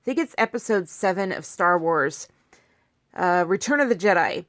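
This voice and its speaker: A woman's voice: fairly low pitch, normal speed, creaky, no room sound, studio quality. A young woman vlogging casually to her phone while in pain, talking in a rambling way with many restarts and asides. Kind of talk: casual talk to camera.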